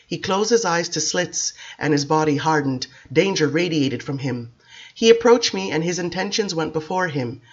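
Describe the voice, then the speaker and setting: A man reading a dark novel aloud in the first person, with dramatic, intense storytelling, on a dull lo-fi recording. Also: on the high side. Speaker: audiobook reader.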